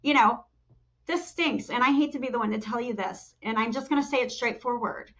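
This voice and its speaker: A middle-aged woman talks as a podcast guest, her fairly high voice jumping up when she acts out quotes. She restarts often and leans on "you know." The recording sounds a bit dull and lo-fi. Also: brisk. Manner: animated storyteller, acts out quotes with jumps in pitch. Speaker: talent development executive, podcast guest. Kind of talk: conversational interview.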